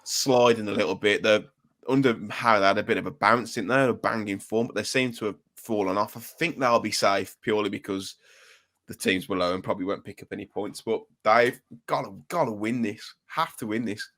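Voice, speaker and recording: A man's voice: fairly low pitch, fairly bright tone. A man hosting a podcast, chatting casually about football and reading out player names. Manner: reels off player names slowly while reading a list. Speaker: podcast host.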